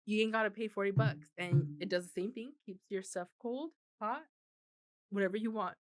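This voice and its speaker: A woman's voice: mid-range voice, normal speed. Chatty laughing woman podcast host. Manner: chatty, laughs often, swears casually. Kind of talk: casual chat.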